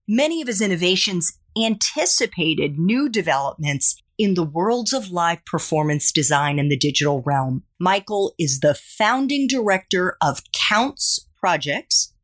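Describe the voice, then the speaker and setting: A woman in her forties hosting a podcast, introducing and interviewing a guest with a lively, playful delivery. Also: medium pitch. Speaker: podcast host.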